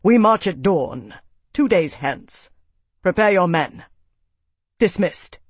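A man's voice: high-pitched, lively intonation, slow pace, slightly rough, dry recording, pitched above the performer's own voice, heavily acted. A man reading an audiobook, voicing a stern, hawkish male senator who barks orders. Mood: commanding. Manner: forceful, barking orders. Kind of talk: audiobook character voice.

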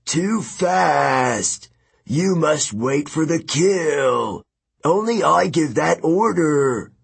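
A man voicing a huge, brutal giant who rules an arena, speaking slowly in a booming voice with a husky, raised tone. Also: lively intonation, exaggerated voice. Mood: gloating. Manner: slow booming shouts. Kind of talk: audiobook narration.

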